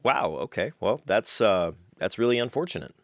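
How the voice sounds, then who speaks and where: A man running a comedy courtroom sketch in a mock-formal tone, swinging through a wide, animated pitch range. His voice sits a bit low and sounds dry and close. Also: normal speed, no room sound. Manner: mock-formal with exaggerated startled reactions. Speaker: host playing a judge.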